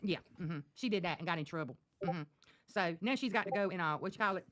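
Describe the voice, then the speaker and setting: A woman's voice: on the low side, fast talker, fairly bright tone. A woman in casual stream chat, teasing and mocking the others with a sassy tone.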